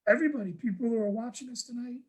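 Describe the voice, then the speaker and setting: High-voiced New man telling a story. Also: racing, breathy edge, rough recording. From New York. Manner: animated, restarts and repeats words. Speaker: guest speaker. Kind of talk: personal storytelling on a panel.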